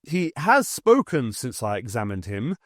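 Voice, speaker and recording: A man voicing a guarded country doctor in an audiobook, measured and cautious. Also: mid-range voice, huge pitch swings, a bit bright, no echo, studio quality, exaggerated voice.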